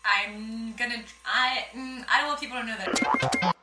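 A woman's voice: on the high side, sharp tone, distant mic, faint music behind. A woman guest, a comedian and science writer, chatting playfully and laughing on a podcast. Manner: playful, laughing, quick asides. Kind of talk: casual podcast chat. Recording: echoey room with faint noise.

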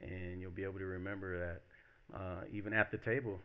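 A man preaching a relaxed, conversational sermon as pastor, acting out quoted voices as he talks. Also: deep voice, brisk, clear, resonant tone, narrow, tinny audio. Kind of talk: casual sermon.

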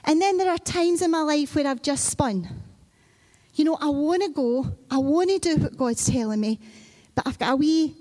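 Woman preacher, highish voice, chatty sermon with lots of stories. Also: mellow. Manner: conversational storytelling, acting out children and Bible figures.

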